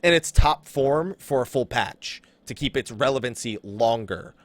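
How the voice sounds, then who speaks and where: A man's voice: mid-range voice, expressive, measured pace, dry recording. A man hosting a casual gaming podcast, teasing his cohost and swearing freely. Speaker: podcast host.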